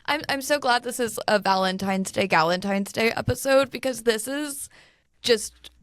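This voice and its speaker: A woman's voice: on the high side, normal speed, clean tone, dry recording. A woman hosting a casual podcast interview, reacting with short astonished interjections and casual swearing. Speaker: podcast host.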